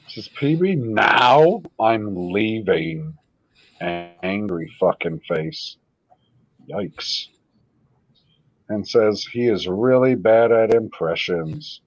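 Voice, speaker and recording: A man's voice: fairly low pitch, animated, lo-fi sound. A man hosting a casual livestream, talking loosely and swearing often. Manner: loose, swearing, quick laughs. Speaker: livestream host. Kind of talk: casual profane chat.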